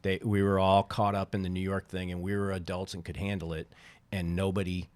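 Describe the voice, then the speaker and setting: A middle-aged man, a podcast guest, telling baseball stories in a casual chat and jumping up in pitch when he quotes people. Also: fairly quick, dry recording. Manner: animated storyteller, quotes others in lively bursts. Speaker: podcast guest, former baseball team owner.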